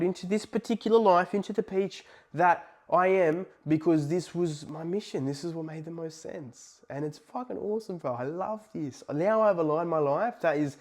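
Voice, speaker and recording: An excitable young man talking straight to camera, cursing freely as he tells a personal story. His voice sits a bit high for a man, and he lurches between shouted disbelief and low, near-whispered asides. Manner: profane, excitable, swings between loud outbursts and hushed asides. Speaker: vlogger.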